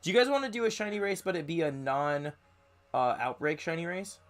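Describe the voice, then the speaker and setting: A man's voice: on the high side, brisk. A man hosting a stream, chatting casually and joking with friends while they play a game together. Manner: excitable, jokey banter. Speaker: streamer and host. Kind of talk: casual gaming chat.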